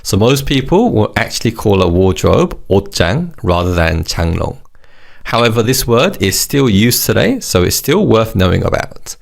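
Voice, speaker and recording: A man teaching vocabulary in a scripted lesson, explaining slowly and repeating each target word, with upbeat praise after every drill. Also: fairly low pitch, very animated, gravelly. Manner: slow English explanations and repeated target words. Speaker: language teacher.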